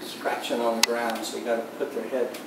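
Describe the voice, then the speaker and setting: A man talking through his painting step by step, musing softly to himself as he works. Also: medium pitch, monotone, brisk. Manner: soft-spoken, musing to himself while he paints. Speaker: painting instructor. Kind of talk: relaxed painting commentary. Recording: very echoey room, voice far from the mic, clear background noise.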